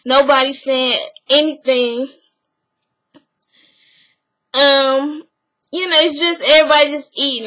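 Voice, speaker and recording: A woman casually retelling a story in an animated, blunt, slangy way. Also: high voice, low-quality recording. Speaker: vlogger recapping a reality show.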